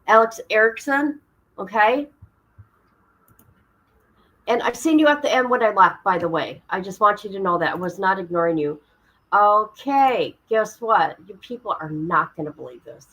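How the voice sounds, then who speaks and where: A woman runs her own livestream, chatting casually and saying hello to viewers by name as she fumbles with her setup. Her voice is fairly high and a bit bright, but the audio quality is poor.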